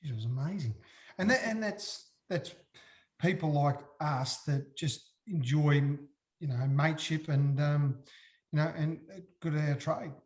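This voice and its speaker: A man's voice: on the high side, unhurried. A man with an Australian accent, a guest and former footballer, telling an anecdote with props and acting out the scenes as he goes. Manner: lively storyteller, re-enacting scenes. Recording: roomy echo.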